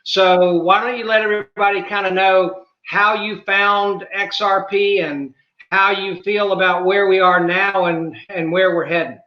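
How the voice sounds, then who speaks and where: Southern guy hosting a podcast, high bright voice, kinda muffled echoey sound. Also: little pitch movement, unhurried. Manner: folksy, lots of "uh" fillers. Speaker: podcast host. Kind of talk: casual interview.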